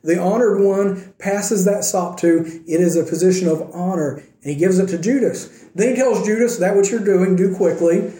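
A man's voice: high voice, mellow. A man preaching a sermon in a conversational way, acting out the quoted lines as he tells the story. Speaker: pastor. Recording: echoey room.

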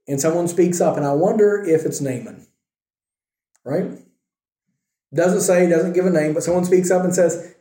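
Man, Bible study teacher, casual storytelling, fairly high voice, mellow tone, echoey room. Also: moderate pace, long pauses. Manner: conversational, storytelling, wry asides.

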